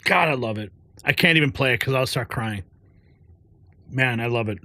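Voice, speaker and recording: A man's voice: mid-range voice, normal speed, bright, forceful tone, no room sound. A male show host doing live commentary over played clips, with effusive, sentimental reactions.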